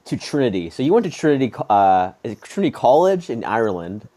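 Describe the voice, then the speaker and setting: Mellow-voiced chatty male host. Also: mid-range voice, big pitch swings. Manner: chatty, halting, many restarts and "like"s. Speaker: podcast host. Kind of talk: casual interview chat.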